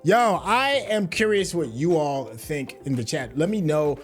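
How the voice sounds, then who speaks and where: A man's voice: a little high, expressive, measured pace, soft background music. A middle-aged man co-hosting a casual chat, laid-back and chuckling as he talks to the audience. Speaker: co-host.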